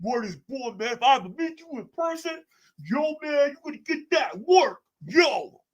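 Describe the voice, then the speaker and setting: A man imitating a brash young male chat commenter who taunts and shouts in a loud, challenging voice. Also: extremely high pitch, sing-song, normal speed, pitched above the performer's own voice. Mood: boastful. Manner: shouty, challenging, says "yo" a lot.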